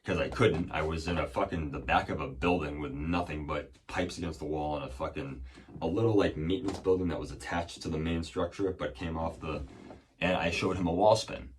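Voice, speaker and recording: A man with a low, deep voice tells a loose, rambling story in a casual podcast chat. He swears freely and keeps restarting with ums and uhs. His voice sits back from the mic, over a faint background noise. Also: brisk, recorded from a distance. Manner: rambling, profane, many fillers and restarts. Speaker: podcast host.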